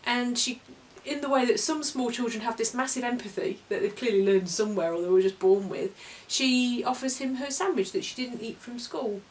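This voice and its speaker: A woman's voice: a little high, fairly quick, few pauses. A woman co-hosting a casual children's book review, telling stories expressively and reading aloud with drama. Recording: voice a little far from the mic.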